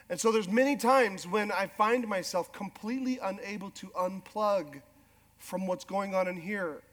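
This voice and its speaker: High-voiced pastor preaching in a hall. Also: male voice. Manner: animated, self-deprecating humor, acts out quoted spouses. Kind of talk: sermon. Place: large church hall. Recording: long hall reverb.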